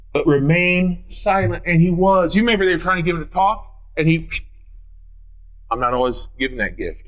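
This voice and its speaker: A man preaching an Easter sermon as pastor, running through scripture references with rising emphasis. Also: a little high. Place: church sanctuary.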